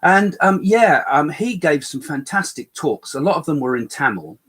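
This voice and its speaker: A man's voice: fairly high pitch, expressive, moderate pace, a bit bright, slightly rough. An older man co-hosting a live chat, talking in a rambling way with many fillers and restarts, with a slight cough. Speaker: co-host medium.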